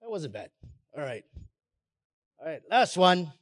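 A man giving a playful live talk on stage, coaxing his audience through pirate-voice warm-ups. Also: fairly high pitch, sing-song, unhurried. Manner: hammy pirate-voice delivery, coaxing the crowd. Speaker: conference speaker.

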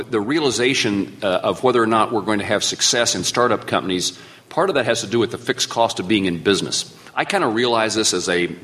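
Low-voiced man speaking haltingly, full of fillers. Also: fairly bright tone. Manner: halting, many fillers and restarts. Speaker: senator. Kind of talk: panel interview answers.

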